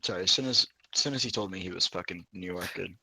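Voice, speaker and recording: A man's voice: sits low, fast talker, pushed and bright, slightly rough, no room sound. A man from the American South, chatting crudely on a voice call and bursting into laughter. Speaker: friend on voice chat. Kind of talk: casual chat on voice call.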